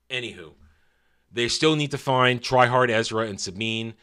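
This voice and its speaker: A male reviewer talking through an episode in a loose, opinionated style. His voice is bright and forceful, and his delivery is sarcastic and mocking. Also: medium pitch, takes it slowly, clear, resonant tone. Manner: sarcastic and scornful, with mocking asides. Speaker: show reviewer.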